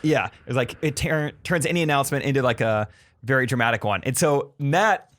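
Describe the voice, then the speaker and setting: A man's voice: medium pitch, fairly quick, a bit bright. A young man co-hosting a casual podcast, recounting a story with enthusiasm. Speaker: podcast co-host. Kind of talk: casual chat.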